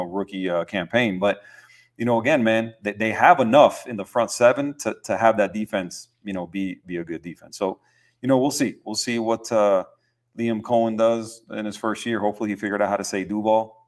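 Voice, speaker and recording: A young man hosting a podcast, talking football in a relaxed, rambling way with lots of fillers and easy laughs. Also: fairly low pitch, brisk. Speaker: podcast host. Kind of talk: casual sports chat.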